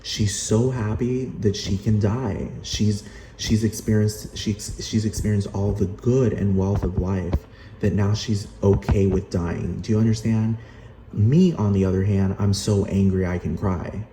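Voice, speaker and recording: A vlogger with a warm, lowish voice rants angrily in a room full of echo and background noise, keeping a fairly even intonation and a measured pace. He swears, repeats himself heatedly, and keeps demanding, "do you understand?"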